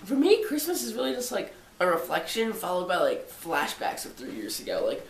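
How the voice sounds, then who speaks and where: A man's voice: sits high, huge pitch swings, brisk, creaky, few pauses, roomy sound, recorded from a distance, a little hiss or hum. A seventeen-year-old boy with a stuffy nose, vlogging casually at home, rambling with jokey self-mocking asides. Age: 17, teenager. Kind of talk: casual holiday vlog. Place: living room by a tall Christmas tree.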